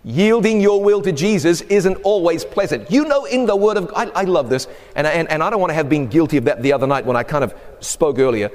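A man's voice: fairly high pitch, animated, brisk, few pauses, darkish tone, in a large hall. A male pastor preaching a sermon in a conversational, emphatic way, acting out the people he quotes.

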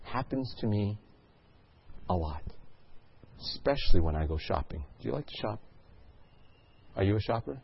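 A man's voice: lowish voice, lively intonation, moderate pace, gravelly, long pauses, lo-fi sound, a little hiss or hum. A male pastor delivering a sermon, telling a story and asking the congregation questions.

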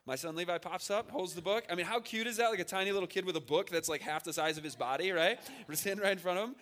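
A man's voice: a little high, fast talker, hardly any pauses, a bit bright. A man in his thirties giving an informal sermon on family, telling stories conversationally and often asking "right?". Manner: conversational, repeats words, asks "right?". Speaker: speaker at a church family seminar.

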